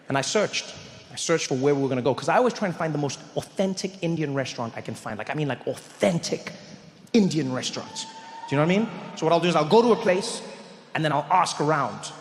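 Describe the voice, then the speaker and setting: A man from Africa, performing an animated stand-up set and acting out voices. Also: fairly high pitch, fast talker, in a large hall, a little hiss or hum. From South Africa. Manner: storytelling, animated, acts out voices. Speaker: stand-up comedian. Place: stage in a large venue.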